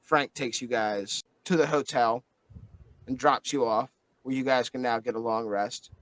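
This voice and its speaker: A man's voice: medium pitch, fairly even intonation, measured pace, fairly bright tone, no room sound, low-quality recording. A man narrating as game master in a casual tabletop game, with fillers and swearing.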